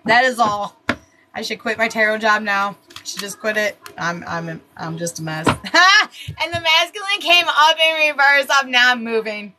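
A woman's voice: fairly high pitch, expressive, moderate pace, pushed and bright, slight background noise, rough recording. A woman giving casual live tarot readings, talking bluntly and chattily, swearing freely and laughing at herself. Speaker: tarot reader.

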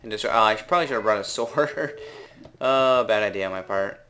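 A young man with a Canadian accent giving casual, rambling gameplay commentary, unsure of himself, with drawn-out words. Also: on the low side, a bit bright, a little hiss or hum. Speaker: gaming video maker.

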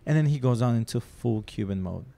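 Chatting casually as a podcast guest, a man who shoots and interviews rock musicians jokes through rambling stories, with plenty of fillers and restarts. Spanish is his first language. His medium-pitched voice is gravelly and mellow, fairly quick, with lively intonation.

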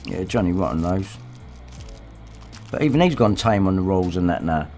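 A man's voice: sits low, lively intonation, normal speed, a little mellow, soft background music. A man hosting a livestream, ranting angrily in a profane, abusive way. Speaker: livestream host. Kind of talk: casual rant.

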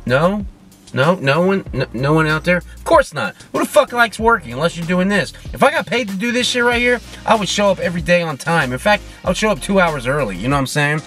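A man's voice: high-pitched, expressive, brisk, a bit bright, soft background music. Rambling, swearing man ranting alone. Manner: rambling, profane, self-mocking. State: drinking. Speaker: podcast host. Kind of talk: casual solo rant. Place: in his car.

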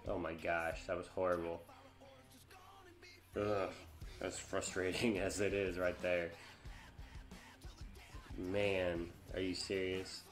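A man narrates his gameplay in a relaxed, chatty way, groaning and exclaiming at each setback. His voice sits fairly low and he takes his time with the words. Faint music plays underneath him. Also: takes it slowly, long pauses. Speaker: gamer. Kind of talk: casual gameplay commentary.

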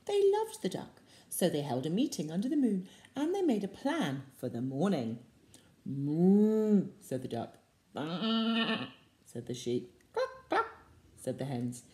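A woman reading a picture book aloud to young children, expressive and slow, slipping into soft whispers for asides. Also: sits low. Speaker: storyteller for children. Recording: echoey room.

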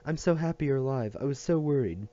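An excited little boy's shrill, raised voice, as a male reader puts it on. It comes across high and breathless on a dull, muffled recording. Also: quick pace, natural voice. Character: frightened excited little boy.

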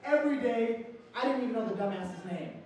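A man doing a stand-up comedy set, telling stories brashly and shouting out quoted lines. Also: extremely high pitch, expressive, a little fast. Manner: brash storytelling with loud acted-out quotes. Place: comedy stage. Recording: echoey room, mic far off, faint ambience.

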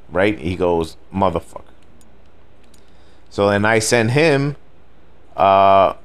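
A middle-aged man with a lowish voice tells a story in a loose, rambling rant. He swears freely and keeps dropping "you know what I mean" as he goes. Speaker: gaming video host.

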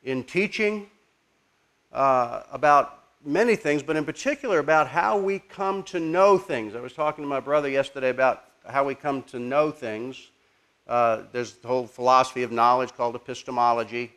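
A man teaching a congregation in a conversational, halting way, pausing to ask the audience questions. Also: mid-range voice, a bit bright. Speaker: preacher teaching apologetics.

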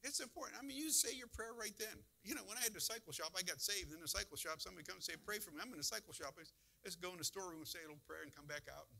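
A man pastor preaching in a bright, forceful voice. His delivery is folksy and conversational, with sudden emphatic bursts, and it sits a little high for a man. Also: rapid-fire, creaky, hardly any pauses, low-quality recording. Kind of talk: sermon.

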